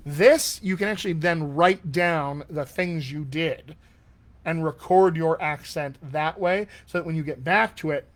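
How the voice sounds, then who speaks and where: Animated man coaching accents live. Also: on the high side, a little slow. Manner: enthusiastic, conversational teaching with frequent asides. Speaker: dialect coach. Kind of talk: live-streamed accent class and Q&A.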